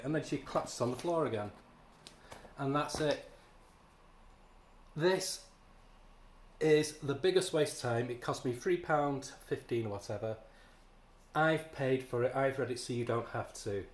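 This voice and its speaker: A man's voice: mid-range voice, normal speed, long pauses. A man giving a casual spoken comic book review, ranting in a sarcastic, exasperated way. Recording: echoey room.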